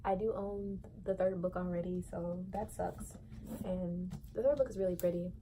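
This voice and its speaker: A woman's voice: fairly low pitch, steady tone, brisk, noisy background. A young woman from the States, chatting candidly and expressively about books she has read. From Southern United States. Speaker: book vlogger. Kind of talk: casual book review chat.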